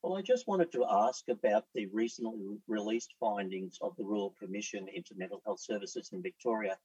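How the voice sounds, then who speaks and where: A middle-aged man who is a psychiatrist guest on a radio panel, speaking in a measured, reflective way with hesitant fillers. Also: lowish voice, a little mellow, no room sound, far from the mic, highs cut off.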